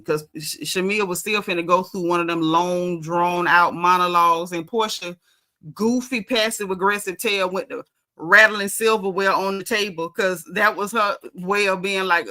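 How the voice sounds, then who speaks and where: A woman's voice: on the low side, fairly even intonation, moderate pace, sharp tone. A woman giving a casual, opinionated recap of a reality TV show, speaking bluntly with lots of slang.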